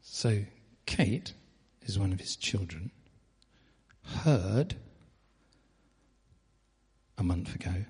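A man pastor leading a church meeting, chatty and relaxed, speaking with long pauses. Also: deep voice, breathy edge, long reverb tail. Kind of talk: informal preaching. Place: church hall.

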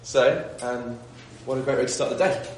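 A man's voice: mid-range voice, normal speed, recorded from a distance. A man opening a morning group session and leading a prayer, talking casually with hesitations. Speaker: group leader. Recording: echoey room, speaking away from mic, with noise.

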